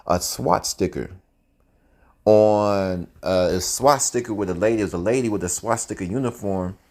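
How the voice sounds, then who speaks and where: A man telling a story in a casual, animated, profane way, often laughing as he goes. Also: on the low side, moderate pace.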